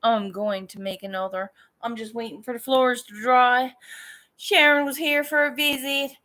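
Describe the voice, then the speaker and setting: A woman's voice: fairly high pitch, fairly even intonation, normal speed, pushed and bright. A woman chatting casually with viewers on a home livestream, greeting them and drifting from topic to topic. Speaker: livestream vlogger. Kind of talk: casual live chat.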